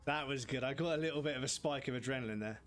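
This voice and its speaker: A man's voice: medium pitch, racing, a bit bright. A man chatting casually while livestreaming a game, swearing and laughing at his own frustration. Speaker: streamer. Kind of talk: casual livestream gaming chat. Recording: game music playing behind.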